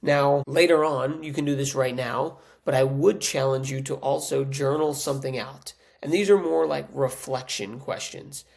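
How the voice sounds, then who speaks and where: A man's voice: medium pitch, fairly even intonation, moderate pace, gravelly, few pauses, darkish tone. A man hosting a podcast, talking earnestly and conversationally as a coach, often checking in with "right?". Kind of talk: casual motivational monologue.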